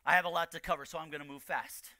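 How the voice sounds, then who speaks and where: A man preaching a sermon as pastor, building to shouted emphasis and repeating key lines. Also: fairly high pitch, fairly even intonation, racing, no echo, clean studio sound. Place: church.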